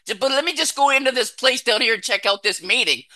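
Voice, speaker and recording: A man's voice: very high voice, fast. Raw, profane man telling his recovery story. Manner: raw, blunt and heavily profane, swinging from intense to hushed. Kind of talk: personal recovery testimony.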